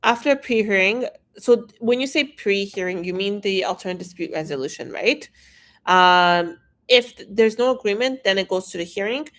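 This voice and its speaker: Hosting a casual live-stream Q&A, an immigration consultant from Iran reads out viewers' questions and responds candidly. Her voice is medium in pitch.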